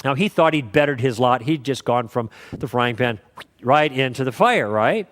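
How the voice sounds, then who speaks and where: A man's voice: mid-range voice, lively intonation, moderate pace, a bit bright, big-room sound. A man teaching an apologetics class, telling stories of his conversations with quoted dialogue in a conversational lecturing way. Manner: conversational storytelling with acted quotes.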